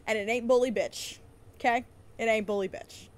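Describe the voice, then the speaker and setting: A woman's voice: a little high, steady tone, normal speed, no echo. A woman hosting a podcast, ranting in a heated, sarcastic way and swearing often. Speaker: podcast host. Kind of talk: casual profane rant.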